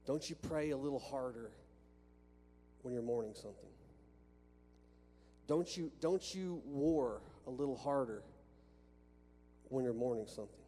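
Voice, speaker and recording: Pastor, male, mid-pitched and warm, chatty sermon delivery; reverberant sanctuary with a soft hum behind. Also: measured pace, pauses often. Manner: conversational, with frequent restarts and rhetorical questions. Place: church sanctuary with a balcony. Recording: long reverb from a church hall with faint hum.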